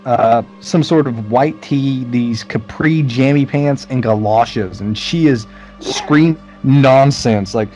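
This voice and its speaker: A man's voice: medium pitch, slow pace, mellow, faint music behind. A man co-hosting a podcast, bluntly retelling movie scenes with plenty of swearing. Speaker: podcast co-host. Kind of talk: casual movie recap chat.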